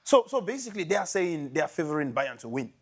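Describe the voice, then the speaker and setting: A man with a fairly high voice arguing football on a live panel. He talks in an animated, incredulous way, stumbling over his words as he makes his case. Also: fast. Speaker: pundit. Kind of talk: excitable football debate.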